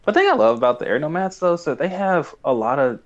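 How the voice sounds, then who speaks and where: A man's voice: on the high side, animated, quick pace, dull audio. A young man chatting casually as a podcast co-host, rambling and acting out quoted lines. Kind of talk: casual chat recapping a cartoon.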